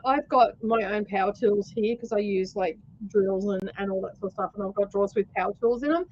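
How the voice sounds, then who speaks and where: A woman's voice: mid-range voice, fairly even intonation, a little fast, hardly any pauses, a little mellow, dull audio. A woman with an Australian accent hosting a casual livestream, rambling through stories with lots of fillers and laughter. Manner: chatty storyteller, laughs often, many fillers. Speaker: host.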